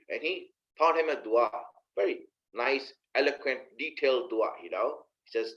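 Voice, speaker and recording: A man's voice: mid-range voice, normal speed, fairly bright tone, lo-fi sound. A man preaching a sermon in a conversational way, asking his listeners rhetorical questions and speaking to them directly. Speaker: Islamic preacher.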